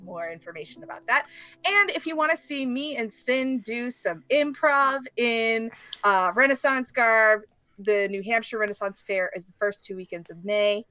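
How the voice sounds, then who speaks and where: A woman's voice: a little high, expressive, normal speed, bright, forceful tone, dry recording. A woman who plays regularly on a tabletop role-playing stream, signing off in an upbeat, chatty way. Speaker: regular player and co-host. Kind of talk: casual stream sign-off.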